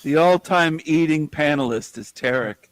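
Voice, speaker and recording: A man's voice: fairly high pitch, normal speed, no room sound. A man hosting a casual online panel, teasing and joking as he tells a story.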